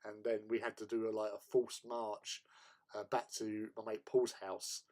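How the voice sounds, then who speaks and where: A man's voice: fairly low pitch, little pitch movement, normal speed, darkish tone. A man, hosting a hobby stream and telling long anecdotes in a casual chat, often breaking into laughter. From England. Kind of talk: casual chat while painting miniatures.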